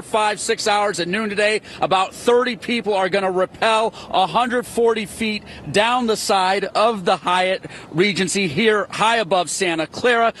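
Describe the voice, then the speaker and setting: A man's voice: high-pitched, a bit bright, slight background noise. Upbeat male reporter on a rooftop. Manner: upbeat, chatty, quips with guests. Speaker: TV news reporter. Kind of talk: live field report. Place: outdoors on a hotel rooftop.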